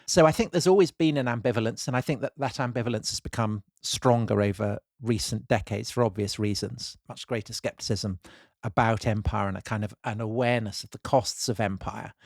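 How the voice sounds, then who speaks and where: A British man co-hosting a history podcast, explaining ideas in a thoughtful, measured way. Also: fairly low pitch, creaky, a little mellow, no echo. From Britain. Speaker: podcast co-host. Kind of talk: casual history podcast chat.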